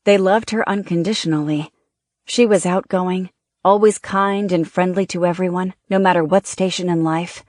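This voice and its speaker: Steady audiobook narrator, dry close sound. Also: medium pitch, no echo.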